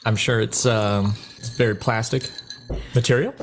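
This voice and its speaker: A man's voice: lowish voice, fairly even intonation, moderate pace, slight background noise. A man guesting on a podcast, giving short replies and dry quips in casual chat.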